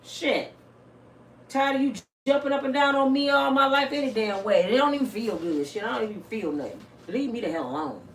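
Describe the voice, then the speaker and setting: A woman in her fifties holds forth to her viewers, blunt, salty and full of storytelling energy. Her pitch leaps and dips as she talks. She sits a bit away from the mic in an echoey room with a faint hiss behind her. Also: lively intonation, fairly quick, far from the mic. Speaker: vlogger. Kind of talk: casual monologue to viewers.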